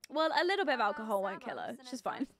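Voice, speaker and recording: A woman's voice: a little high, very animated, fast. A young woman chatting casually while live-streaming a life-sim game, giggly and full of fillers as she greets viewers and reacts to the game. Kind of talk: casual gameplay commentary.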